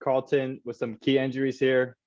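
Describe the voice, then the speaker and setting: A man of middle pitch runs through game picks in relaxed chat, pausing and hedging often. The sound is a little dull and lo-fi. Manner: hesitant, many fillers, laughs easily. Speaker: podcast co-host. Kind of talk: casual sports chat. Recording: slightly dull lo-fi recording.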